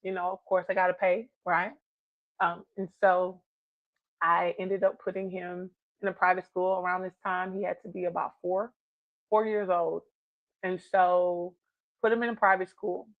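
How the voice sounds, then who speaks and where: A woman's voice: lowish voice, little pitch movement, moderate pace, dry recording. Woman telling her story to a crowd, earnest, encouraging, muffled dry audio. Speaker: guest speaker. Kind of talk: personal testimony to an audience.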